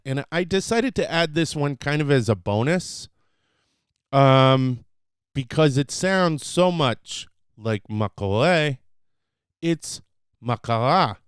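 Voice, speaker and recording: A man hosting his own podcast, chatting loosely and unscripted, teaching short phrases with lots of fillers and the odd excited burst. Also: medium pitch, clear, resonant tone, no room sound, clean studio sound. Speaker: podcast host.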